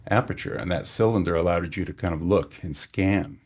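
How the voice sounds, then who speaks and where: A man, a sonar engineer guest on a podcast, giving a technical explanation and often pausing with fillers and restarts. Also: low-pitched, a little mellow.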